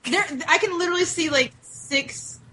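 A woman's voice: very high voice, normal speed, sharp tone, a little hiss or hum, low-quality recording. A woman co-hosting a podcast in a casual chat, playful and laughing as she talks. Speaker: podcast co-host.

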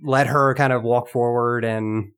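A man playing a tabletop game, describing his character's actions in a relaxed way. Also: medium pitch, measured pace, clear, resonant tone. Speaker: player. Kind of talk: casual tabletop game play.

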